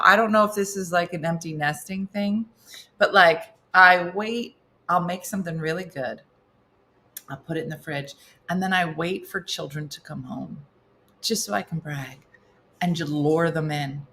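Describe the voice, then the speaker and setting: A woman's voice: fairly low pitch, moderate pace, pushed and bright, slight background noise. A middle-aged woman comedian hosting a casual morning cooking show, chatting wryly while she cooks and answering viewers' comments aloud. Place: home kitchen.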